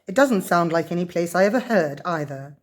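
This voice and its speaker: A woman's voice: on the low side, expressive, a little fast, lightly acted. A woman voicing a confident, bossy young girl who talks in a sure, matter-of-fact way, in a storybook reading. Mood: reassuring.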